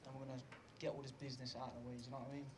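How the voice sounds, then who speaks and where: A man's voice: medium pitch, flat delivery, racing, slight background noise. A male boxer answering interview questions bluntly and with determination. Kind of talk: post-weigh-in interview.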